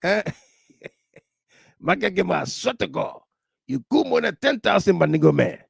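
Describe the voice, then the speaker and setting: A man with a Liberian accent hosting a political talk livestream, animated, laughing often and reading viewer comments aloud. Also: sits high, normal speed, vocal fry, husky, no echo. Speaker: talk show host.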